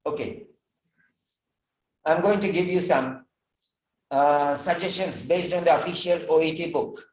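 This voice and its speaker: Man teaching slowly with emphatic repetition. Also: on the high side, a little mellow, reverberant, low-quality recording. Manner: emphatic, repeats key words slowly. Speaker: English exam teacher. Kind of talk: online class lecture.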